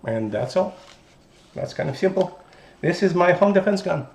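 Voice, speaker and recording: A man with a Russian accent hosting a firearms channel, casually showing off a gun in a halting, deliberate way that restarts mid-phrase. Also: sits high, animated, vocal fry. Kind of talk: casual gun show-and-tell. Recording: roomy echo.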